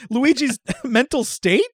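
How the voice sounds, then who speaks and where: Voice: medium pitch, slow pace, slightly rough, no room sound, clean studio sound. A friend reading along in a comedic story, hesitant and giggling. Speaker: friend playing Mario in a reading.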